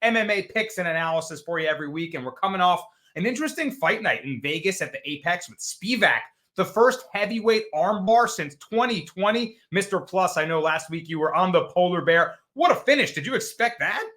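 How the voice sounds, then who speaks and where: A man's voice: sits high, expressive, brisk, few pauses, bright, forceful tone. A man hosting a sports betting podcast, upbeat as he brings in his co-hosts and asks them questions. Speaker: podcast host.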